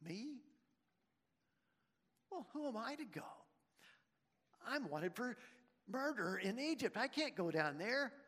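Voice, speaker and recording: A man's voice: very high voice, big pitch swings, takes it slowly, pauses often, sharp tone, voice pushed up, full character voice. A man playing a hesitant, flustered shepherd who protests that he is the wrong man. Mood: protesting. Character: reluctant, flustered male shepherd. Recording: long reverb in a large hall.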